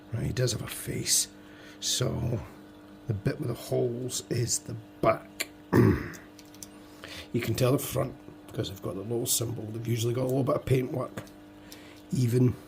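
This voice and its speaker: A man with a hoarse, fading voice, muttering to himself and joking at his own expense as he builds toy models. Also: medium pitch, background noise. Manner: muttering to himself, self-deprecating. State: hoarse, voice going. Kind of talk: casual build commentary.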